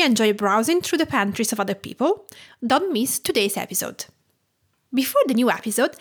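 A woman from Tuscany with an Italian accent, hosting a cooking podcast in a measured, instructive way. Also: fairly high pitch. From Tuscany, Italy. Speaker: podcast host and home cook. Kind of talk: scripted podcast narration.

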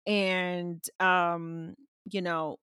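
A woman's voice: lowish voice, level tone, drawn-out words, fairly bright tone, smooth, dry recording, clean studio sound. A woman co-hosting a podcast, candid and personal, giving supportive murmurs as she listens. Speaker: podcast co-host. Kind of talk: casual chat.

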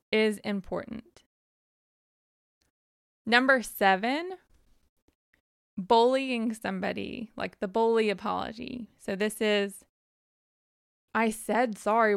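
A woman's voice: mid-range voice, vocal fry, a bit bright, smooth, no room sound, clean studio sound. A woman giving casual, direct advice and counting off numbered points in a frank way.

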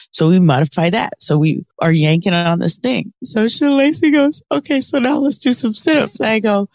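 Woman, American, podcast co-host, lively pitch, dry sound, swearing, laughing storyteller. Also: a little slow, dry recording. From United States. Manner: animated storytelling, swearing, laughing through lines. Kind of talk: casual comedic chat.

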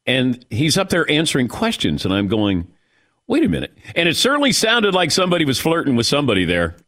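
A man's voice: mid-range voice, fast talker, no echo, clean studio sound. A man hosting a sports talk show, chatting and riffing with his crew. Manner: animated, mimics players with mock voices.

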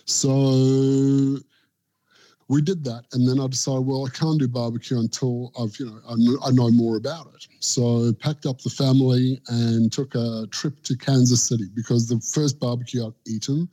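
A man's voice: mid-range voice, fairly even intonation, moderate pace, dark tone. Australian man telling rambling stories. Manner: rambling anecdotes, acts out quoted voices. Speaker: barbecue pitmaster and guest. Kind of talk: casual storytelling interview.

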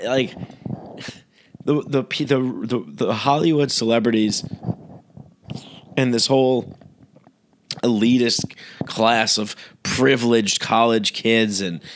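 A man delivering a rambling, profane, sarcastic political rant, full of restarts and fillers. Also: mid-range voice. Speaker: political commentator. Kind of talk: ranting monologue.

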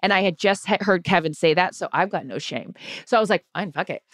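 A woman's voice: on the low side, lively intonation, quick pace, dry recording, clean studio sound. A woman co-hosting a podcast, ranting passionately and swearing in casual chat. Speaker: podcast co-host.

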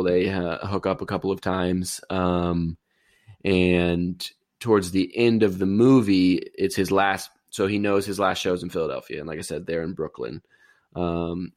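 A man's voice: low voice, darkish tone, dry recording, clean studio sound. A man in casual chat, retelling a movie plot in a rambling, easygoing way.

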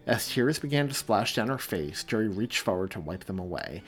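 A man reads his own story aloud in a measured, expressive audiobook style. His voice sits fairly low, and faint music plays underneath. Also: husky. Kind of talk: audiobook narration.

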